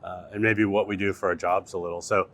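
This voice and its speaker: A man hosting a casual podcast panel, talking in a relaxed, easygoing way. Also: deep voice, fast talker, dry recording. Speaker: podcast host.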